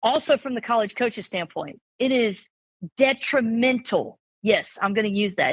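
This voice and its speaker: Woman, former softball coach, podcast guest; raspy edge, dry close sound, chatty and animated with frequent restarts. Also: a little high, no echo, low-quality recording. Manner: animated storyteller who acts out quoted coaches and parents; quick restarts and repeated words. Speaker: former college and travel ball softball coach. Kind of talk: casual podcast conversation.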